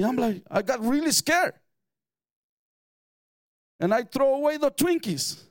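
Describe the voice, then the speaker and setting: A man's voice: extremely high pitch, big pitch swings, measured pace, long pauses, no echo. A middle-aged man, preaching a sermon in an emphatic way and mixing in personal stories with light chuckles. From Mexico. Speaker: pastor.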